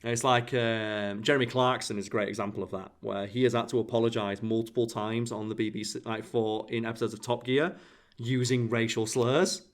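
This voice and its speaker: Male podcast host, middle pitch, talks through everyday examples in a casual chat. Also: fairly even intonation, brisk. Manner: explains through everyday analogies, acting out quoted exchanges. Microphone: podcast microphone.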